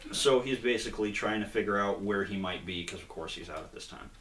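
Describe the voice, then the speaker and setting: A man's voice: on the low side, fast, fairly bright tone, a little hiss or hum. A man casually retelling a comic book's plot in a rambling way, with lots of fillers and acted-out quotes. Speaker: comic book reviewer, co-host. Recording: echoey room.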